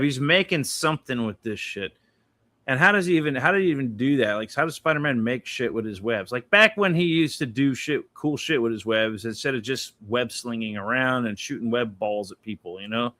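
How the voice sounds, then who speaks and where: A man's voice: medium pitch, animated, moderate pace, pushed and bright, dry recording. A man casually chatting about his drawings on a stream, laid-back and swearing freely as he explains his art. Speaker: artist showing his drawings. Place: indoor studio with his art panels behind.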